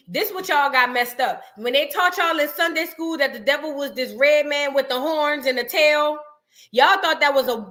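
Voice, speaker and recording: A woman's voice: high voice, sharp tone. A woman hosting a reaction show, talking to her live chat in a blunt, emphatic way and repeating her points. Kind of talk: casual commentary to a live chat.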